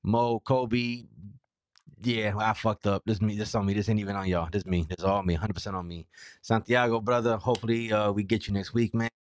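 With little pitch movement, this fairly low male voice moves quickly and carries no room sound. He's a podcast host ranting alone, loose, cursing and annoyed by a sore mouth, dropping from mutters into loud outbursts.

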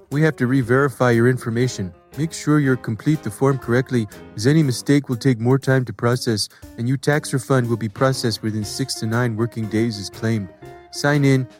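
A man's voice: mid-range voice, steady tone, fairly quick, a little mellow, faint music behind, natural voice. A man reading a phishing email aloud in a mock Canadian accent, playing the scammer who wrote it.

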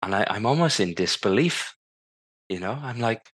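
A man's voice: on the low side, animated, moderate pace, a bit bright, slightly rough. A man in his fifties, a podcast guest telling his story vividly and acting out the lines people said to him. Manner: vivid storyteller who acts out remembered dialogue. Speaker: guest, former Paralympic cycling champion.

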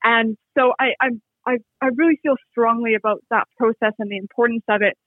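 Over a tinny, phone-like connection with no echo, a Canadian author talks reflectively as an interview guest. His voice is very high, his intonation fairly even, and his pace fairly quick. He keeps starting his sentences over.

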